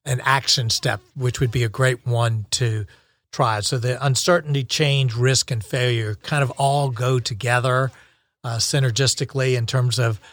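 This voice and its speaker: A man talks through ideas on a podcast in a steady, middle-pitched voice, reflective and encouraging, pausing and restarting as he thinks. The recording is dry and close, with no room sound. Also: dry recording. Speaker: podcast co-host. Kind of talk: casual podcast chat.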